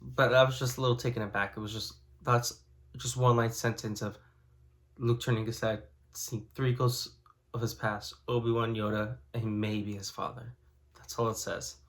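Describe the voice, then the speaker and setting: Rambling man with a mid-pitched voice. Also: flat delivery, moderate pace, fairly bright tone. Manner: rambling, many fillers like "you know" and "like". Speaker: book reviewer. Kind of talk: casual spoken book review.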